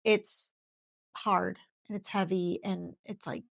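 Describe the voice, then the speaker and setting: Earnest woman with a gravelly low voice. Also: flat delivery, slow. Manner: earnest, heartfelt, repeats phrases for emphasis. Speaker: guest sharing her story. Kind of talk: faith testimony interview.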